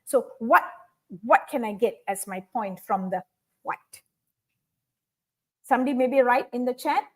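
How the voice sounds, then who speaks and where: A woman's voice: on the high side, unhurried, fairly bright tone. A woman teaching speech skills in an online webinar, explaining step by step and often saying "okay". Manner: instructive, repeats key points, frequent "okay".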